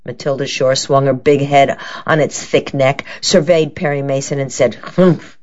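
A woman narrates a detective novel at a steady, measured pace. Her voice sits very low. The recording is dull and lo-fi. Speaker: audiobook narrator. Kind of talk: scripted narration.

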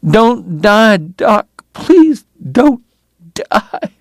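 A woman's voice: low-pitched, expressive, slow pace, gravelly, no room sound, studio quality, pitched above the performer's own voice, full character voice. A man voicing a sobbing, pleading woman. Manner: pleading, sobbing, slips into French. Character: tearful pleading woman, the gunman's lover.

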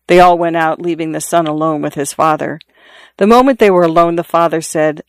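A reader narrating a classic short story in a measured, steady way. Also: medium pitch, clean tone, dry recording. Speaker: audiobook reader.

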